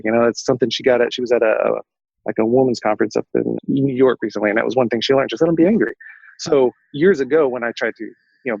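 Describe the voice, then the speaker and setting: A man telling a personal story as a podcast guest, fast and lively, acting out the dialogue. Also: mid-range voice, vocal fry, husky, no echo, muffled recording. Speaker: coaching client and guest.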